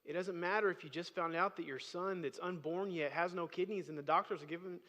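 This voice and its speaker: A man's voice: high-pitched, fairly quick, sharp tone. Man, pastor, sermon, conversational with emphatic peaks, long reverb from a large church hall. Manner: conversational preaching, rising to emphatic bursts. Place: church sanctuary.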